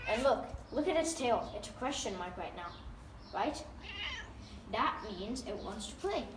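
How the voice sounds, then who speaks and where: Pet vlogger, female, slightly high voice, doting, chatty, filmed in a roomy space from a distance. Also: animated, a little slow. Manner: chatty, doting, with frequent fillers and restarts. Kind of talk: casual narration while filming her cat. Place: at home near a backyard. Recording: roomy, distant mic, noisy background.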